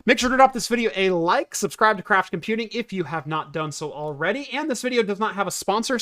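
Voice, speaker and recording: A man's voice: sits high, sharp tone, no room sound, studio quality. A man from Oregon hosting a casual tech and beer podcast, rambling and laughing often. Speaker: podcast host. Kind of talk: casual chat.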